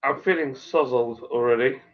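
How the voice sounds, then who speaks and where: A mid-pitched man from Sussex chats in an easygoing, joking way. His voice comes through a somewhat dull, lo-fi video call line. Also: moderate pace. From Sussex, England. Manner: relaxed, joking. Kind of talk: casual beer chat.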